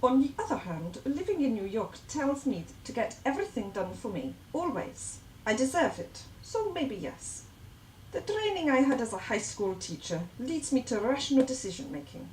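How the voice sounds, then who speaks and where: A woman's voice: fairly high pitch, very animated, normal speed, a little mellow, echoey room, slight background noise, poor audio. A woman playing an anxious fifty-year-old man with a put-on Russian accent, musing and second-guessing himself in a scripted training video. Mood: wavering, pondering.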